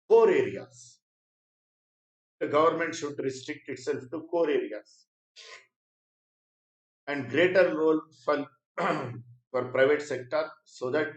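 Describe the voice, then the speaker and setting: A man's voice: on the high side, far from the mic. Indian english teacher guy, lectures and repeats stuff, roomy sound off the mic. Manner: repeats key phrases for emphasis; clears throat often. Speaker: exam prep teacher. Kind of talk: spoken lecture.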